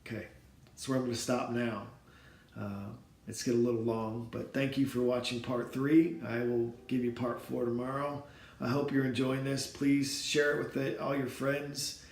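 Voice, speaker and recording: Gravelly man telling his story in an echoey room. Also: mid-range voice, level tone. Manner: earnest, emotional, halting with repeated words. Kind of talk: personal storytelling to camera. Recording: roomy echo.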